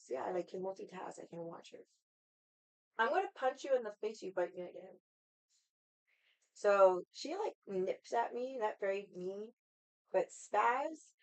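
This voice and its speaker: Over poor audio, a woman with a mid-range voice hosts a casual stream, chatting with viewers in a rambling fashion and swearing without restraint.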